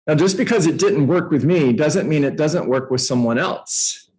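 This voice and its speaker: A man who coaches real estate agents, telling a playful story to a room and jumping up in pitch for emphasis. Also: moderate pace, rough recording. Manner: animated, playful, uses props, jumps up in pitch for emphasis; addresses listeners by name. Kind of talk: storytelling motivational talk.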